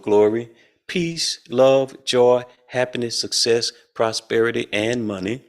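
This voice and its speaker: A man's voice: medium pitch, fairly bright tone. A middle-aged man leading a spiritual study group over a video call, talking in a folksy, colloquial way and chuckling often. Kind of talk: casual spiritual talk.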